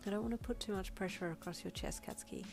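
A woman reading the lines of a shy, gentle young woman who speaks softly and reassuringly. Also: medium pitch, fast talker, faint music behind, lightly acted. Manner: soft-spoken, shy.

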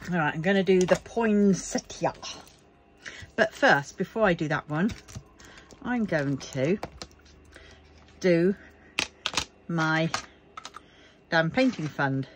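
Slow and animated with long pauses, a low-voiced crafting vlogger talks through a home craft project. Yawning and worn out, she's chatty and self-mocking, muttering grumbling asides and jokes to herself, with a bit of hiss or hum in the recording.

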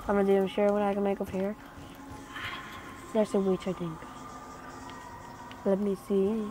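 A woman's voice: mid-range voice, flat delivery, moderate pace. A young woman who is not a native English speaker gives casual commentary on her gameplay. She chats along and breaks into startled exclamations. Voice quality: chatty, bursts into startled exclamations. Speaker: gaming channel host. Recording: noisy home game recording.

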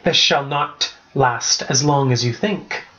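A man's voice: mid-range voice, takes it slowly, bright, forceful tone. A man reading as a haughty queen. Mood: mocking. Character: haughty proud queen, defeated and dying. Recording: slightly dull lo-fi recording.

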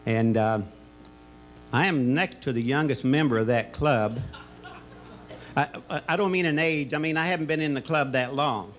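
A man's voice: medium pitch, normal speed, long pauses, low-quality recording. A man giving a folksy, rambling speech at a retirement party. He tells stories and jokes about a former school colleague and often stops to restart his sentences. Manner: rambling storyteller who tells jokes with many restarts and fillers. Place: party or banquet room.

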